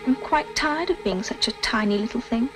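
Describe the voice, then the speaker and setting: Casting: woman as a polite, proper young girl, high and clear. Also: animated, moderate pace, lightly acted, low-quality recording. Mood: worried. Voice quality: prim, well-spoken. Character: prim, polite girl Alice. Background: background music.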